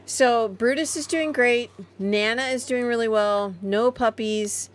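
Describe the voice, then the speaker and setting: A woman's voice: fairly high pitch, measured pace. A woman co-hosting a casual live chat, reading viewer comments and chatting about the family's pets. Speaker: co-host of a family homestead livestream.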